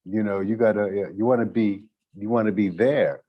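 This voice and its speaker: A man answering a panel question, talking slowly with many pauses and restarts. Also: lowish voice, fairly even intonation, lo-fi sound. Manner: slow, halting, many restarts. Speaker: actor panelist.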